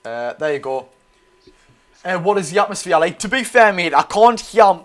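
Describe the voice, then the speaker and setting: Excitable Geordie man commentating live. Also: sits high, moderate pace. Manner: excitable and chatty, reads viewer comments aloud. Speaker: streamer and host. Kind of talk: live football watch-along commentary.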